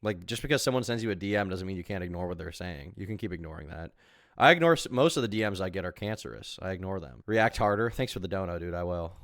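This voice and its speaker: A man with a fairly low voice talks quickly through live-stream reaction commentary. He rambles and argues, leaning on fillers, and the sound is dry and close. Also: expressive, dry recording. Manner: rambling, filler-heavy, argumentative.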